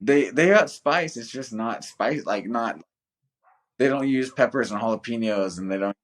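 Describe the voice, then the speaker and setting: A man's voice: medium pitch, moderate pace. A young American man telling rambling, profanity-laced stories in a casual podcast chat. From United States. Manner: profane, rambling storyteller, swears a lot. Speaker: guest, volunteer soldier.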